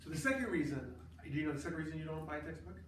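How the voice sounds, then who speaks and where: A man's voice: fairly high pitch, lively intonation, racing, a crowd in the background. A man teaching a choral conducting class, lecturing emphatically with sarcastic asides. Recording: echoey room, distant mic.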